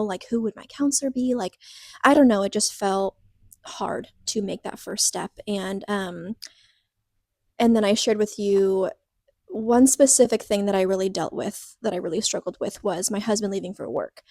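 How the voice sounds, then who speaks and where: She's a podcast co-host with a medium-pitched, slightly mellow voice, recorded in studio quality with no echo. In casual personal chat she tells her own story in a rambling, earnest, openly vulnerable way, full of "like" fillers and restarts.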